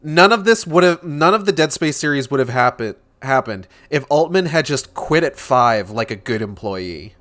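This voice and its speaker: A man's voice: mid-range voice, animated, moderate pace, hardly any pauses, fairly bright tone. A young man hosting a book club stream, reading a novel aloud and breaking in with sarcastic, profane commentary.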